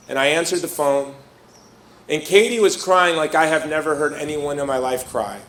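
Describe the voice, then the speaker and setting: A middle-aged man from Chicago tells a personal story to a live crowd and slips into the voices of the people he quotes. His voice sits a little high for a man. The sound carries the echo of a large room. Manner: lively storyteller who acts out quoted voices. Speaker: speaker.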